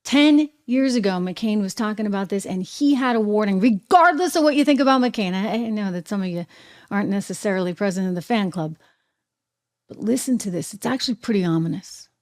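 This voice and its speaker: A woman with a New Hampshire accent hosting an opinionated political commentary show, talking in an animated, sarcastic way. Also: mid-range voice, brisk. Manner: animated, sarcastic, mimics people, laughs often.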